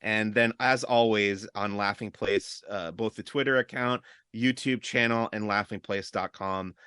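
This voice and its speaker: A man's voice: on the low side, steady tone, a little slow, pushed and bright, clear, resonant tone, no echo. Easygoing man with a dry close voice. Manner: easygoing, laughs often, chatty with restarts. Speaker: podcast guest, entertainment reporter. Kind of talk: casual chat.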